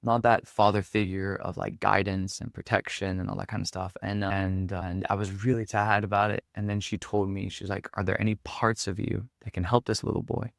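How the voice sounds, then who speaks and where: Low gravelly man, candid storytelling. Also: level tone, fairly quick, hardly any pauses, dry recording, clean studio sound. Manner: reflective, heavy use of filler words. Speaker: podcast guest, performance coach.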